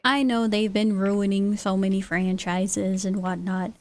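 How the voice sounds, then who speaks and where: A woman's voice: mid-range voice, little pitch movement, a little slow. A woman from California streaming, chatting casually with her viewers and laughing often. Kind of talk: casual livestream chat, reading chat aloud.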